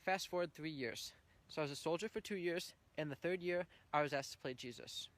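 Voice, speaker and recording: A man's voice: fairly high pitch, a little fast, fairly bright tone. Earnest young man sharing his testimony. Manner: earnest, heartfelt storytelling with emotional swells. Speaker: church member giving testimony. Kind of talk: personal faith testimony.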